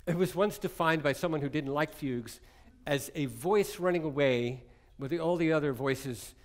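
A man's voice: a little high, moderate pace. A man giving a conversational, jokey music lecture, often digressing as he explains a piece. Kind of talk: lecture-demonstration on chamber music.

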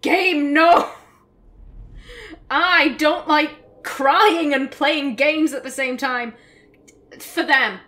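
A woman hosting a let's play, commenting on the game in an emotional, expressive way. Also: high voice, slow pace. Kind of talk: gameplay commentary.

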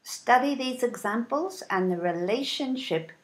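A woman teaching an English lesson, reading example sentences and modeling intonation with deliberate, clear enunciation. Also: a little high, lively intonation. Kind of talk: slow, careful English lesson.

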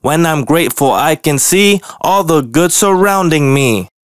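Man playing a grumpy bear cub, storybook voice, higher pitch, dry sound. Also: expressive, unhurried, smooth, no echo. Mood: cheerful. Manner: complaining, later cheerful chant. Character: grumpy young male grizzly bear cub.

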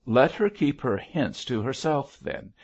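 A man voicing a sharp-tongued young barmaid who answers in a snappy, defiant way, in a storybook reading. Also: mid-range voice, sing-song, unhurried, dull audio, pitched above the performer's own voice.

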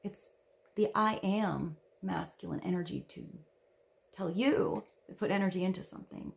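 A woman reading tarot cards in a soft, dreamy way, her voice edged with vocal fry. She drifts between gentle talk and near-whispers. A faint hiss sits under the recording. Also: fairly low pitch, normal speed. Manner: soft, dreamy, drops to a whisper when reading card texts. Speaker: tarot reader.

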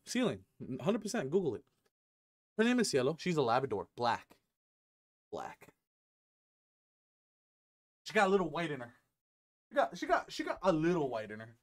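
A young man chatting to camera at home in a rambling, joking way, swearing freely and filling gaps with ums. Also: on the high side. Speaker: gaming YouTuber. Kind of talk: casual rambling vlog to camera. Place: at home with his dog. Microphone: headset.

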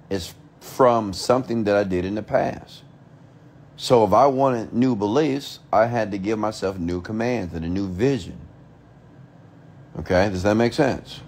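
A man's voice: lowish voice, a little mellow. A man giving a motivational rant, emphatic and repetitive, asking rhetorical questions and swearing casually. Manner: emphatic, repeats himself, asks rhetorical questions. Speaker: motivational speaker.

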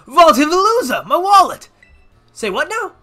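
A player putting on a loud old gym leader, Southern drawl, lively swooping pitch, bright tone, faint music behind. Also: unhurried, heavily acted. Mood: boisterous. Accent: American Southern (put on). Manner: boisterous, drawling, exclamatory. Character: excitable old man gym leader, seafood lover. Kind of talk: reading game dialogue aloud.

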